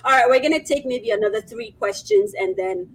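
A woman hosting an online interview show, effusive and warm in her praise, laughing often. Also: high voice, animated, fairly quick, vocal fry, breathy edge, rough recording. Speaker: host.

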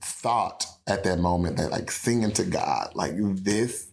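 Young man from Houston, very low and gravelly voice; earnest interview guest. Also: unhurried, darkish tone, a little hiss or hum. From Houston, Texas. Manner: earnest, with frequent restarts and quoted dialogue. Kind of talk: emotional personal storytelling.

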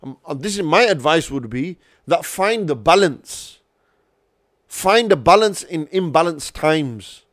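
A man's voice: a little high, expressive, a little slow, a bit bright, dry recording, clean studio sound. A man hosting a religious podcast, talking earnestly and giving advice, with frequent restarts. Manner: earnest, advisory, many restarts. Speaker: podcast host. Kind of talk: casual podcast discussion.

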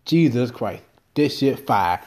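A man with a mellow, relaxed voice talks alone on his podcast. He rambles from topic to topic, swears freely and tells stories with lively energy. His pitch sits in an ordinary middle range for a man. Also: slow pace. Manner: profane, rambling, animated storytelling. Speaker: podcast host. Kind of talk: casual solo podcast rant.

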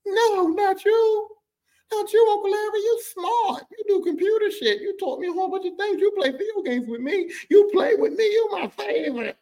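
A man voicing his younger boy self, high, strained and near shouting in shock. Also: moderate pace, poor audio. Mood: shocked pleading.

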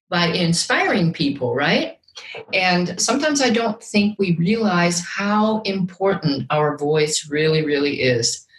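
A woman speaking as a guest vocal coach in an interview, enthusiastic and often repeating words as she searches for the next one. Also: medium pitch. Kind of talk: casual interview talk. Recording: roomy echo.

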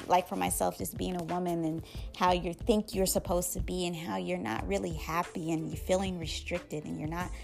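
A woman's voice: fairly low pitch, gravelly. A young adult woman reciting affirmations, then talking openly and emotionally about self-love. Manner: emotional, laughs and tears up, animated. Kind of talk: affirmations then casual vlog talk.

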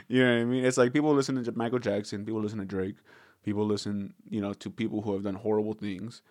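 A man's voice: lowish voice, fairly even intonation, fast talker, a little mellow, no room sound, clean studio sound. Rambling, profane man in casual chat. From Southern California. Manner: rambling, profane, laughs often.

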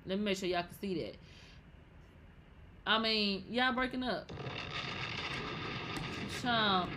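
A woman hosting a casual celebrity gossip vlog, talking brashly and profanely with loud outbursts. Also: mid-range voice, slow, noisy background. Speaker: gossip vlogger.

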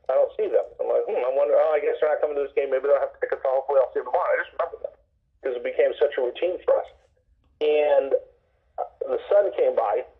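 Male sports broadcaster phoning in, tinny line, heartfelt and rambling. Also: mid-range voice. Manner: rambling, heartfelt, frequent restarts. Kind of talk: phone-in interview storytelling. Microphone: phone line.

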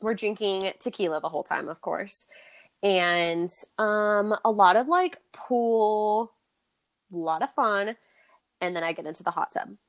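A woman's voice: medium pitch, a little slow. A young woman hosting a podcast, telling a story in casual chat and acting out the quotes with big jumps in voice and laughter. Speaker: podcast host.

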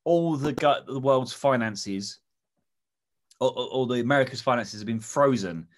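A man's voice: medium pitch, normal speed. Man spinning a rambling comic story. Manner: rambling storytelling with fillers and swearing. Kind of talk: casual comedic chat.

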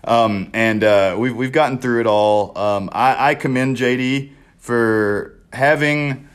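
A man's voice: mid-range voice, slow, clean tone. A young man co-hosting a podcast, telling a story casually with lots of swearing. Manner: profane, animated storytelling. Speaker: podcast co-host and wrestler.

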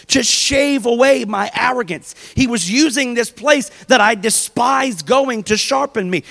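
A male pastor delivers a sermon in a chatty, storytelling manner. His voice sits high for a man. It rings out with a long reverb in a church hall. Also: vocal fry, fairly bright tone. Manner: conversational preaching with personal stories.

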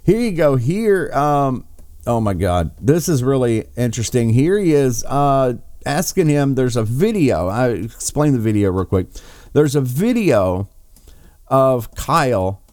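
A man's voice: medium pitch, very animated, a little slow, darkish tone, no echo, clean studio sound. A man commenting on trial clips in a mocking, profane, sarcastic way. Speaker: political commentator.

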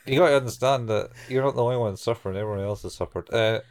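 A man's voice: medium pitch, fast, darkish tone, no room sound. A man chatting casually as a podcast co-host, recapping a show and swearing freely. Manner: laid-back, swears casually, acts out characters' lines.

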